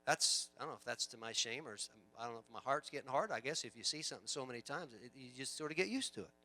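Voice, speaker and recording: Man, pastor, sermon, very bright sharp tone, emphatic, storytelling, repeats himself. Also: medium pitch, quick pace. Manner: animated preaching that swings from loud emphatic lines to quiet storytelling; chatty asides and repeated words.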